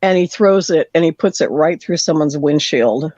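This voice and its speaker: A caller on a call-in show tells a story in a lively way, acting out the lines of the people in it. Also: mid-range voice, normal speed. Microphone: phone call. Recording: dull dry phone line.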